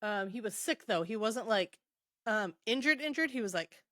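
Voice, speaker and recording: A woman's voice: a little high, animated, normal speed, fairly bright tone, dry recording, studio quality. A woman co-hosting a podcast, casually retelling a book's scenes with loose quoted lines, frequent ums and laughs. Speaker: podcast co-host. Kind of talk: casual book recap.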